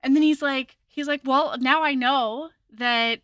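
Woman podcast co-host, higher bright voice, animated storyteller. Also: unhurried, dry recording, clean studio sound. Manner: animated storyteller, acting out quotes. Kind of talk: casual book recap chat.

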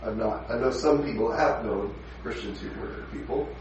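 A man's voice: mid-range voice, normal speed, a little mellow, dull audio. A male pastor teaching verse by verse in a conversational, emphatic sermon, often asking his listeners questions. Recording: echoey room from a distant mic, faint noise.

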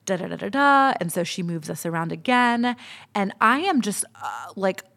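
A woman's voice: medium pitch, animated, moderate pace, gravelly, a bit bright. A woman in her thirties, a podcast host, telling a personal story in a candid, chatty way and swearing freely. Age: 30s.

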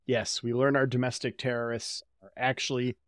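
A man's voice: mid-range voice, little pitch movement, normal speed, dry recording, clean studio sound. A man co-hosting a podcast, recapping an episode in casual chat with wry, casual swearing. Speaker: podcast co-host.

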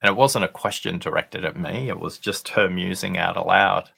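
A man being interviewed as a podcast guest, telling a workplace anecdote in a deliberate, conversational way with pauses for effect. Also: low-pitched, vocal fry, bright, forceful tone, husky. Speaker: podcast guest, listening expert.

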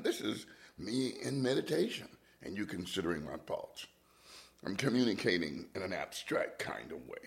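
Deep gravelly man musing aloud. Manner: musing, dips into whispers, with restarts. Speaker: podcast host. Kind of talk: reflective monologue.

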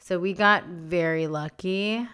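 A woman's voice: fairly low pitch, takes it slowly, a crowd in the background. A woman co-hosting a podcast in casual chat, rambling with lots of "like" fillers. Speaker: podcast co-host.

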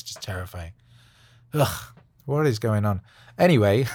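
A man rambles through a casual podcast monologue, chatty and digressive, full of "you know" and "like". His voice sits on the low side. The sound is dry and close, with no room echo. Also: huge pitch swings, slow, pauses often, a little mellow, breathy edge. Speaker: music producer and podcast host. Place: music studio late at night.

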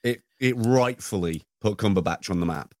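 A man's voice: on the low side, normal speed, a little mellow, no room sound, clean studio sound. A man in casual chat, joking and teasing with crude banter.

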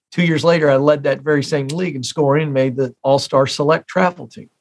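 Man in his forties, from the United States, interview guest, emphatic storyteller, fairly high voice. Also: fairly quick, long pauses, a little mellow. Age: 40s. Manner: emphatic, repeats key phrases for effect. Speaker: guest, career expert.

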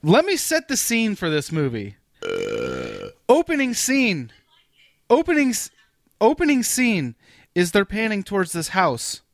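A man co-hosting a casual podcast chat, animated and swearing freely as he tells a story. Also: sits high, measured pace, long pauses, dry recording. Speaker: podcast co-host.

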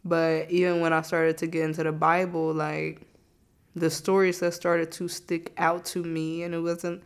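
A host speaking with a sick, slightly rough voice and the odd cough, reflecting on faith in a casual, rambling manner. The delivery is loose and conversational, full of "like" and "you know". Mid-pitched and unhurried. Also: flat delivery. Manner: loose and conversational, heavy use of "like". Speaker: podcast host and storyteller.

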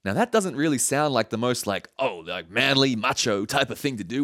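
A man preaching a sermon as a pastor, telling a story in a lively way with laughs and asides. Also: medium pitch, normal speed, few pauses.

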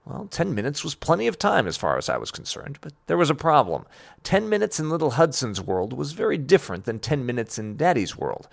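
A man's voice: medium pitch, huge pitch swings, fairly quick, vocal fry. A man delivering a scripted Christian radio commentary, telling a story about his son and then preaching earnestly.

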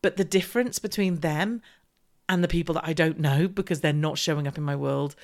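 Woman doing a solo podcast, pretty deep voice, blunt and pushy with her points. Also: fairly quick. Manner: direct and emphatic, repeats key points. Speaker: podcast host and business coach.

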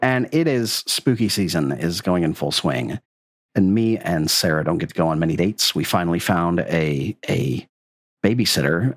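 A man's voice: medium pitch, no echo, studio quality. A man in his thirties co-hosting a casual podcast, talking with enthusiasm. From Houston area. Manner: enthusiastic, animated storyteller. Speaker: podcast co-host. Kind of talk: casual chat.

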